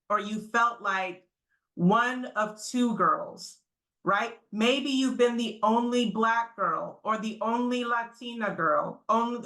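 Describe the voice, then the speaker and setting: A woman giving an energetic, interactive conference talk to students over a video call, often checking in with "right?". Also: medium pitch, roomy sound, rough recording. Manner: energetic, quizzes the audience, frequent "right?" tags. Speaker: motivational speaker.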